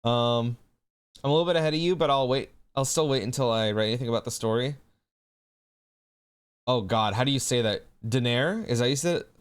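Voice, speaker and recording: A young man talks loosely on a livestream, answering his chat. He swears freely and laughs often, in an easygoing, middle-pitched voice. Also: brisk, long pauses, clear, resonant tone. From United States. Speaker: streamer. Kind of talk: casual livestream chat, reading chat aloud.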